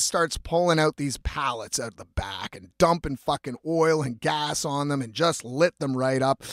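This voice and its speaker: A man's voice: on the high side, no room sound, clean studio sound. A man, hosting his own show and telling a long rambling story with heavy swearing and lots of fillers. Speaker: host. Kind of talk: casual storytelling monologue.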